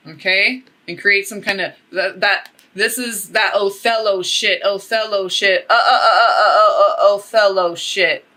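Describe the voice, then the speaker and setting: A woman giving a casual tarot reading, talking in a rambling, profane and animated way. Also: mid-range voice, rough recording. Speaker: tarot reader.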